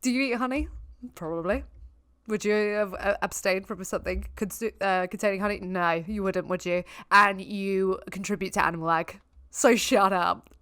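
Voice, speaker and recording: A woman reacting to a debate clip with heavy sarcasm and plenty of laughter. She swears casually and talks at an ordinary middle pitch, never holding back her opinions. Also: steady tone, normal speed, fairly bright tone, clear, resonant tone, no room sound, clean studio sound. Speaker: vegan reaction video host.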